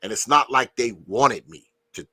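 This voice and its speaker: A man's voice: medium pitch, moderate pace, sharp tone, no echo. A man in his fifties, a grandfather, chatting casually on a podcast, easygoing, leaning on "you know" and cursing freely. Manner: laid-back, leans on "you know", swears freely.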